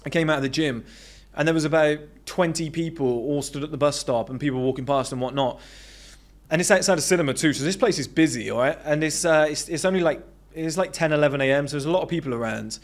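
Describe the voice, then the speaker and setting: Blunt British man, slightly high voice. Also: quick pace. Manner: blunt, swearing, emphatic. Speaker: dating and self-improvement coach. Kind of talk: unscripted motivational monologue.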